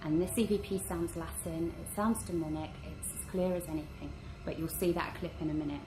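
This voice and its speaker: A woman's voice: deep voice, a little fast, music in the background. Woman narrating a ghost hunt vlog. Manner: earnest, building suspense. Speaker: paranormal investigator and vlog host. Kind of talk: voice-over narration reviewing recordings. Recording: roomy with steady background hum.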